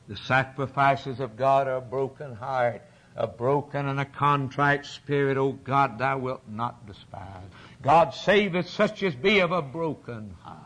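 A man preaching a sermon with fervent swings from loud, rising peaks to low, hushed lines.

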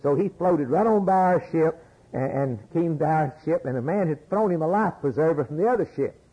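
An older American man preaching a sermon, now calm and low, then rising to loud, high exclamations. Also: fairly quick, slightly rough, muffled recording. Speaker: pastor.

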